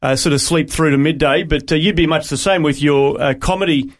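A man's voice: on the high side, steady tone, a little fast. A man hosting a radio interview, chatty and often hesitating with fillers. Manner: chatty, hesitant with many ums. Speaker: radio host.

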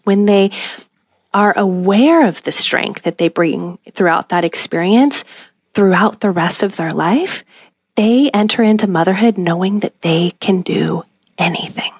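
An earnest, passionate woman speaking as a midwife guest on a podcast, her voice sitting at an ordinary middle pitch. She explains things warmly in quick bursts and sometimes drops to a whisper for emphasis. The sound is dry and close, with no room echo. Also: slightly rough. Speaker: home birth midwife, guest. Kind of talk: podcast interview.

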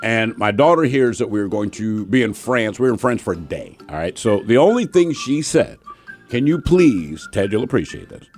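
A man in his fifties hosts a radio quiz, his pitch jumping all over as he tells stories and acts out the voices he quotes. He sits at a studio mic, with faint music running low underneath. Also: lively intonation, a little fast, few pauses. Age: 50s. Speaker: radio host and quizmaster. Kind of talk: radio banter and storytelling.

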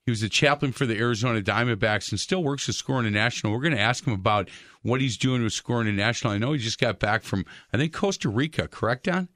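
A man's voice: mid-range voice, fast, fairly bright tone, no room sound, studio quality. A man hosting a talk-radio show, talking loosely with stumbles and frequent restarts.

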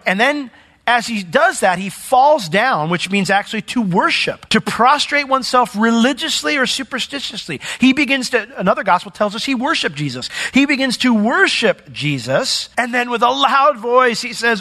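A man preaching a sermon as pastor, telling a story with big swings between loud emphasis and quiet asides. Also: very high voice, normal speed. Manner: animated storytelling with dramatic swings in volume.

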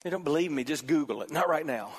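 High-voiced animated male preacher. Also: quick pace, breathy edge. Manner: animated, swings from loud emphasis to quiet. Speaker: pastor. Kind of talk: sermon. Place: church auditorium. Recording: long reverb from a large hall.

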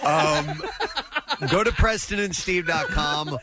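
A man's voice: medium pitch, animated, moderate pace, heavy background noise. A man hosting a morning radio show, chatting casually and telling stories with joking asides. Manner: loose storytelling with joking asides.

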